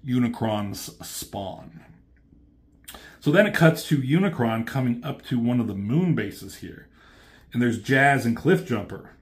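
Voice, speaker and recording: A man casually retelling a comic's story as a reviewer, chatty and animated. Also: medium pitch, a little slow. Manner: animated, chatty, many fillers.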